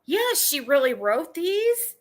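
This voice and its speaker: A woman's voice: sits high, big pitch swings, takes it slowly. A woman streamer giving drama commentary on a livestream, ranting in an exasperated, indignant way.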